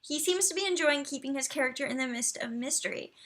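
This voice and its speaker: Speaking fast in a high, fairly bright voice, a young woman hosts a casual stream where she reviews game profiles. She chats with viewers, reads their messages and the profiles aloud, and talks to her computer.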